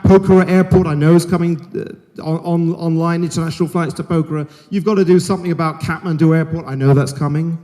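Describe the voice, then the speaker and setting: Speaking straight to the crowd in a large conference hall, a middle-aged man delivers a frank, jokey and emphatic keynote. His voice is on the high side and mellow, and the recording carries hall reverb.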